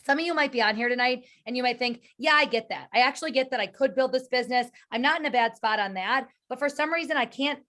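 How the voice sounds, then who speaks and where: A woman who leads a direct sales team gives an energetic, earnest motivational speech on a video call, often repeating words and restarting. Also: on the high side.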